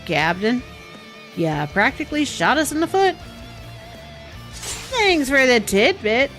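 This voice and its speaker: A woman's voice: high voice, big pitch swings, slow pace, fairly bright tone, faint music behind, full character voice. A woman doing a brash young treasure hunter. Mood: taunting. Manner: brash and taunting.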